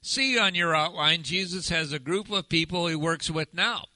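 Male pastor, slightly high voice, conversational sermon full of questions, dry recording. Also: moderate pace, bright, forceful tone, no echo, rough recording. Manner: conversational, asks the congregation questions.

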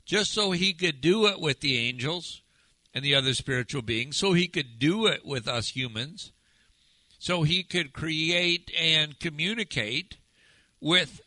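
A man's voice: fairly high pitch, bright, forceful tone, dry recording, rough recording. A male pastor giving a sermon in a conversational way, often asking the congregation questions.

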